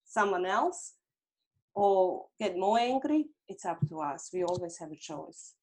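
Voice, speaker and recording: A middle-aged woman guest, a hypnotherapist, talking gently and reflectively in an interview and acting out little inner dialogues. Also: on the low side, animated, a little slow. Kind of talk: conversational interview.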